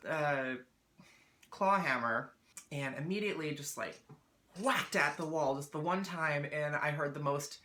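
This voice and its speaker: Female vlogger, low pitch, crisp bright tone, dramatic and self-mocking. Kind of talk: storytelling vlog.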